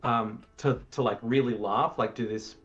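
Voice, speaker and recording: Brief: chatty male co-host, jumps into high voices while retelling scenes. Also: steady tone, normal speed, fairly bright tone, muffled recording, faint music behind. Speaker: podcast co-host. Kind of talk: casual film review chat.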